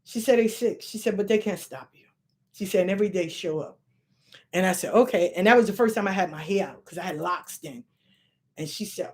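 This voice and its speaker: Her voice medium-pitched and a bit quick, the spiritual channel host, a middle-aged woman, spins out a lengthy story from her own life. She swears casually, stays animated, and mimics whoever she's quoting.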